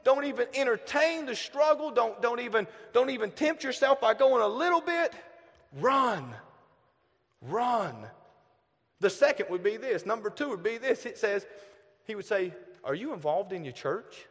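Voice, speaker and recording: Southern male preacher, 30s, high voice, animated storyteller, long church-hall reverb. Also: measured pace. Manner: animated, shifts from loud bursts to hushed asides. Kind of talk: storytelling sermon.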